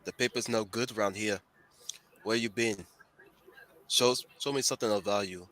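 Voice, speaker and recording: A man putting on a gruff bartender with a Jamaican accent. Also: lowish voice, fairly even intonation, moderate pace, fairly bright tone, lightly acted. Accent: put-on Jamaican. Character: gruff male bartender in a ruined city. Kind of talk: reading comic dialogue aloud.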